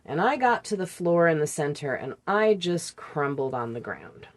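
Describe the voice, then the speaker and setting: A woman in her forties, a podcast guest, telling a personal story in conversation with candid, halting recollections. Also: low-pitched, sing-song.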